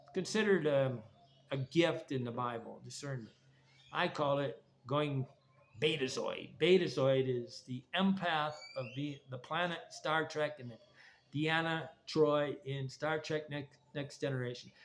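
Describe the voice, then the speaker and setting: A man's voice: on the high side, unhurried. A man giving a blunt, rambling, preachy monologue about recovery and trauma. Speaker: vlogger. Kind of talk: casual monologue. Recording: faint background noise.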